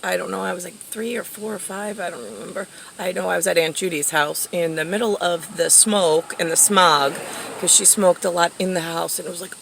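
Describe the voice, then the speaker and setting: A woman's voice: on the low side, fairly quick, creaky, fairly bright tone, a little hiss or hum, poor audio. A woman telling a rambling family story in casual monologue, quoting relatives and dropping into whispered asides. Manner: meandering, quotes family in shifting tones, whispers asides. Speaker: storyteller recounting family conversation. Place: inside a house.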